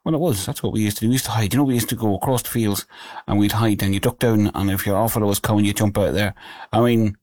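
A man's voice: lowish voice, fairly even intonation, fast, a little mellow, no room sound. Chatty man presenting on the radio. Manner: chatty, rambling, jokey. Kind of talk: casual radio chat with shout-outs.

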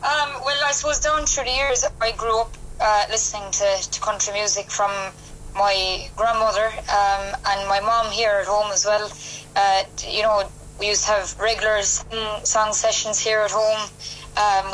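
A woman with a Cork Irish accent, a country singer, speaking on a phone interview in a soft, hesitant way with many pauses. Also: medium pitch. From West Cork, Ireland. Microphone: telephone. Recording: phone line with faint noise.

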